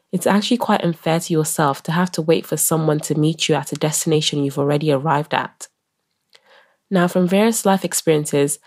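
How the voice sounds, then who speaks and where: A woman's voice: low voice, darkish tone. A young woman hosting her own podcast, sounding nasal from a cold as she shares candid, reflective personal stories. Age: young adult. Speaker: podcast host.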